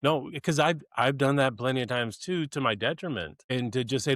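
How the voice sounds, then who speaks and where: Guy guest on a podcast, mid-pitch, earnest and thoughtful, dry close sound. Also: fairly bright tone, no echo. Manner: earnest and measured, with small restarts. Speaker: podcast guest, leadership strategist. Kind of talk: reflective conversational interview.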